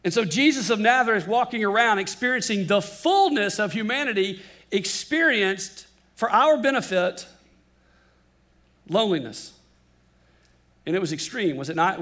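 A man preaching a sermon, swinging between emphatic lines and hushed, drawn-out words for effect. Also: high-pitched. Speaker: pastor.

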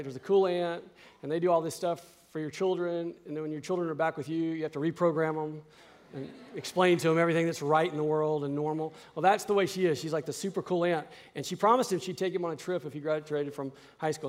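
A man in his fifties telling a story in a sermon, acting out the dialogue with rising excitement. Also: fairly high pitch. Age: 50s.

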